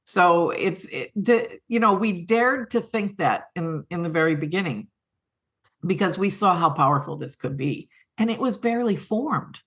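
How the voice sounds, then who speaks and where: Middle-aged woman guest, lower voice, heartfelt and earnest. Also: expressive, normal speed, a bit bright. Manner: heartfelt, earnest, laughs often. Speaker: guest, coaching academy co-founder. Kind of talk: podcast conversation.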